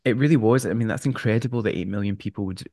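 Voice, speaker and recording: A man's voice: on the low side, racing, darkish tone, no echo, clean studio sound. A man hosting an interview, asking long rambling questions with lots of restarts. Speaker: podcast host, vet. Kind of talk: casual interview chat.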